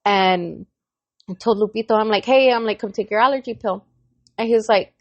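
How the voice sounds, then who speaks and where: A woman co-hosting a podcast, chatting casually and bluntly, telling animated stories with voiced quotes and plenty of swearing. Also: mid-range voice, a little fast, dry recording. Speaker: podcast co-host. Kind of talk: casual chat.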